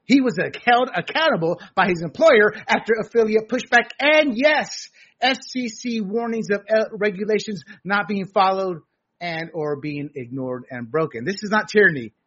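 Middle-aged guy running a political talk show, husky high voice, preachy and opinionated, dull lo-fi sound. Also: animated, normal speed, a bit bright. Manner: opinionated, lecturing, many fillers. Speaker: host.

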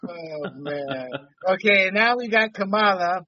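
A man's voice: sits high, animated, a little slow, sharp tone, highs cut off. A man hosting a casual talk show, rambling off topic and laughing often. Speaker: podcast host. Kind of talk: casual chat.

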